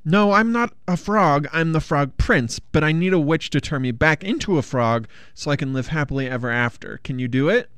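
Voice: medium pitch, expressive, moderate pace, few pauses, a bit bright, smooth, no echo, close to an everyday voice. A storyteller voicing a whiny, flustered young prince who stammers politely. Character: anxious, whiny Frog Prince, young man.

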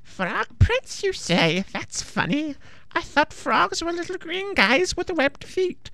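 A storyteller voicing a half-deaf, scheming old witch with a croaking, very high voice. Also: sing-song, takes it slowly, sharp tone, dry recording, heavily acted.

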